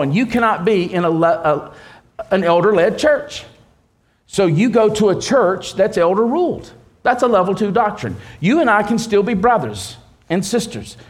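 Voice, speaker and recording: A man preaching a sermon, leaning on key words slowly and restarting phrases as he explains. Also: sits high. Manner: preaching with slow emphatic stresses and restarts. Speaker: pastor.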